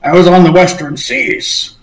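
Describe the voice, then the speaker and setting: A man's voice: high-pitched, animated, unhurried, echoey room, distant mic, rough recording. A man voicing a confused male stranger who answers hesitantly.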